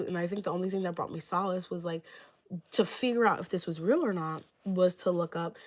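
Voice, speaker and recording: A young woman livestreaming her readings tells a casual, rambling story packed with "like" in almost every phrase. Her voice is on the low side and steady in tone, and she talks briskly.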